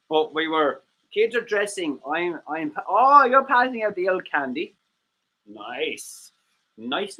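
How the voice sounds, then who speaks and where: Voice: medium pitch, fairly bright tone, poor audio. Rambling, jokey livestream host. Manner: rambling, jokey, self-mocking. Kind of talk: casual livestream chat.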